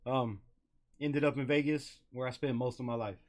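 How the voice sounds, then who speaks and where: A middle-aged man from California with a slight Southern country twang, hosting a casual livestream and talking in excitable, profane, slangy banter. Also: medium pitch, moderate pace. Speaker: livestream host.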